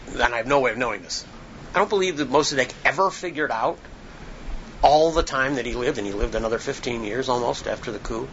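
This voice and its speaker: A man with a bright, forceful voice recounts history to an audience in a loose lecture style. He pauses often, stumbling through ums and restarts as he goes. The recording sounds a little muffled, with a faint hiss underneath. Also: mid-range voice. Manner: halting, with many ums and restarts. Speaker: author speaking on a panel.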